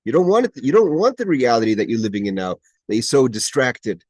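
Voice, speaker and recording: A man's voice: mid-range voice, very animated, a little fast, a little mellow, no room sound. A man teaching a class on a Chassidic text, reading Hebrew phrases and translating each one, with frequent restarts and emphatic rising questions. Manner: reads Hebrew phrases, then translates them. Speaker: Torah teacher. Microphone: video call.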